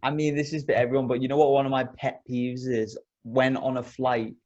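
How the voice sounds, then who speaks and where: A man's voice: medium pitch, brisk, muffled recording. Sweary man telling stories. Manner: sweary, animated storytelling. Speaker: podcast co-host. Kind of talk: casual chat.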